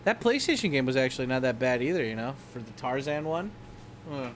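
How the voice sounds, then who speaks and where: This young streamer rambles through movie talk with plenty of swearing and laughter, scatting and mimicking lines from films. His voice is medium in pitch, expressive, and a little fast, with slight background noise.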